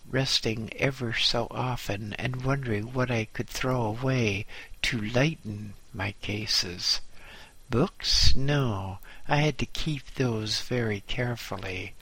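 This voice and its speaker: Slow, bright-voiced male memoir narrator. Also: medium pitch, no room sound, poor audio. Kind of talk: first-person memoir audiobook narration.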